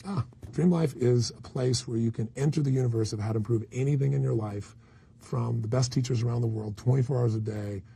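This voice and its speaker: A man's voice: brisk, mellow. A man speaking as a motivational speaker in a candid interview, telling stories bluntly and emphatically. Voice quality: deep gravelly raspy voice. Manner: blunt, emphatic storyteller with occasional swearing.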